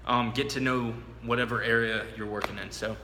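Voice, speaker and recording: A man's voice: mid-range voice, fairly even intonation, brisk, bright, forceful tone. A man working as a real estate agent, explaining a door knocking script in a casual teaching talk and acting it out with enthusiasm. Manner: casual, explaining with fillers, bursts of enthusiasm in demo. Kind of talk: instructional talk with role-play demo. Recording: echoey room with long reverb, faint background hum.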